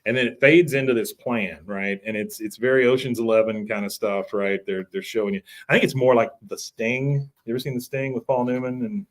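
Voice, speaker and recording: A man in a loose, chatty podcast recap, telling the story of a cartoon episode. His voice sits at an everyday middle pitch. Now and then he pops into high, squeaky character voices for the quotes. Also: fairly even intonation, a little fast, few pauses. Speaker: podcast co-host.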